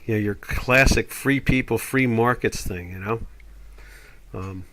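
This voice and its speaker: A man's voice: fairly low pitch, a little slow, fairly bright tone. An older man hosting a live trading chat, rambling and opinionated as he talks through market charts. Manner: rambling, opinionated, puts on quoted voices. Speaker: trading show host.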